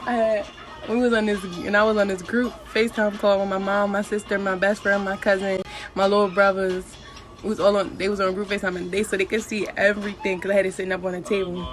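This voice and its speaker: A woman's voice: mid-range voice, fast talker. Blunt, profane young woman telling a story. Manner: blunt and profane, animated retelling. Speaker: vlogger. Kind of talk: casual storytime.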